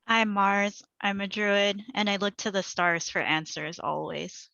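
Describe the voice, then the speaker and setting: A woman voicing a mystical female druid who reads the stars, calm and dreamy. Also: medium pitch, measured pace, creaky. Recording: dull lo-fi sound.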